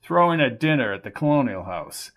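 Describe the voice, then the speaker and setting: A man's voice: mid-range voice, very animated, a little fast, a bit bright. A man voicing an older, boastful schemer who needles everyone in a smug, self-important way. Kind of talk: audiobook character voice.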